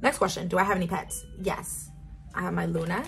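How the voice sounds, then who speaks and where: A woman's voice: on the low side, a little fast, vocal fry, music in the background. An eighteen-year-old woman chatting casually in a get-to-know-me vlog, bubbly and wandering off on tangents. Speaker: vlogger.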